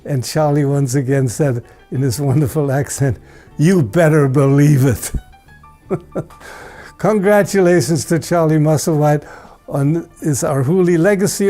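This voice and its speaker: Older man presenting an award, storytelling, fairly high mellow voice. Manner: anecdotal, fond storytelling. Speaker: award presenter, record label founder. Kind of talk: tribute speech.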